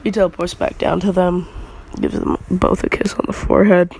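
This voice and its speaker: A man's voice: high-pitched, level tone, normal speed, creaky, darkish tone, slight background noise, poor audio. A man casually retelling a fan story, rambling and slangy with lots of filler words.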